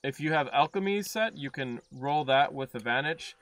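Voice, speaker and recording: A man's voice: mid-range voice, animated, normal speed, fairly bright tone. Hesitant male game master. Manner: hesitant, many fillers. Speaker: dungeon master. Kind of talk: narrating a tabletop game.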